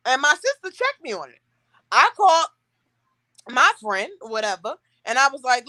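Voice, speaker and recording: A young woman hosting a casual chat, telling stories with animated, acted-out quotes. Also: a little high, moderate pace, no echo. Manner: animated storytelling, acting out quotes. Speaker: podcast host.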